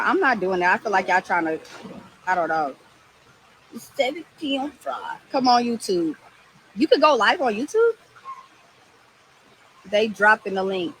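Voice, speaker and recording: A woman's voice: mid-range voice, a bit bright, slight background noise, poor audio. A woman guest talking in a sassy, defensive way in a casual live chat from beside a pool. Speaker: podcast guest, rapper. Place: outdoors by a pool.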